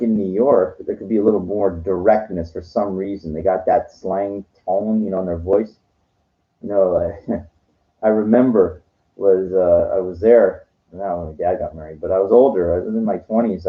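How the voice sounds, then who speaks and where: A man telling meandering personal stories, filled with "you know" and often trailing off quietly. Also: low-pitched, normal speed, narrow, tinny audio. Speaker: vlogger. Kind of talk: rambling personal storytelling. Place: lives in Los Angeles.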